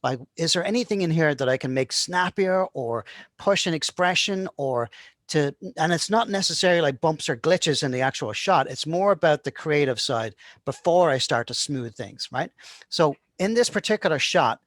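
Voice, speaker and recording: Casual animation teacher, dry close mic. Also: male voice, on the high side, expressive, moderate pace, fairly bright tone, no echo. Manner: casual, keeps asking "right?". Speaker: animation instructor. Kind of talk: screen-recorded tutorial talk.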